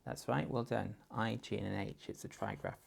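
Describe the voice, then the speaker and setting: A man's voice: lowish voice, wildly swooping pitch, moderate pace, gravelly, slightly rough. A man with an English accent, a teacher patiently walking parents through a phonics writing exercise step by step. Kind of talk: instructional guidance for parents.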